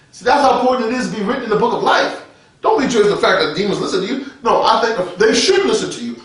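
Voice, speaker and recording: A man's voice: high voice, expressive, fast, fairly bright tone, distant mic. A man preaching an informal radio sermon, colloquial and street-talking, chuckling often and restarting his sentences. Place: his office. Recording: very echoey room, speaker off-mic.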